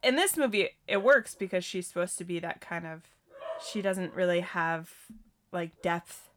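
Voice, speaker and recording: A woman's voice: on the low side, normal speed, slight background noise. A woman co-hosting a movie podcast, chatty and rambling, with many fillers. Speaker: podcast co-host. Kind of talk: casual chat.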